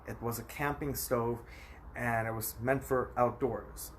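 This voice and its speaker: A man's voice: mid-range voice, fairly even intonation, measured pace, a bit bright, a little hiss or hum. A man in his thirties from the United States, talking to his phone in a rambling, emphatic personal vlog. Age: 30s. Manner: rambling, emphatic, talks straight at the viewer.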